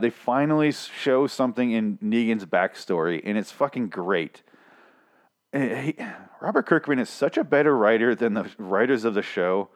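A man's voice: on the low side, moderate pace. A young man hosting a podcast, recapping a comic in casual, profane talk and acting out characters' lines in a raised voice. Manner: profane, animated, acts out quotes in raised voice. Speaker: podcast host.

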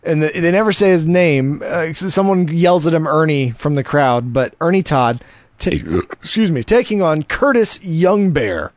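Guy with a high voice joking around on a podcast, dry close mic. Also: lively intonation, dry recording. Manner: joking, laughs often, talks in quick bursts. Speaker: podcast host. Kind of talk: casual chat reviewing wrestling.

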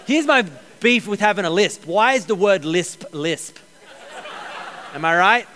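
A man preaching a sermon as pastor, energetic, repeating key phrases and joking with the congregation. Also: sits high, measured pace. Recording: long hall reverb.

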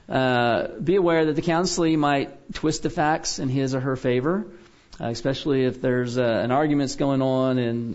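A man teaching a biblical counseling class in a relaxed lecture style, often checking in with his listeners by asking "okay?". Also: medium pitch, lo-fi sound.

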